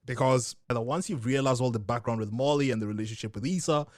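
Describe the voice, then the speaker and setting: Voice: mid-range voice, fast talker, a little mellow, no room sound. A podcast co-host in casual chat, teasing with dry banter and laughing often.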